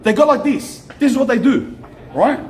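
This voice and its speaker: A young Australian man tells a story on a vlog outside a shop, animated and slangy, swearing and repeating himself. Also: very high-pitched, moderate pace. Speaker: streamer. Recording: echoey with faint ambient noise.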